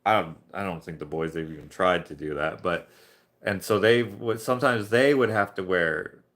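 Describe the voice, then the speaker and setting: A man's voice: low-pitched, normal speed, a bit bright. A man from Canada chatting casually during a live painting stream, rambling through anecdotes and chuckling along. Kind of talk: casual chat while painting.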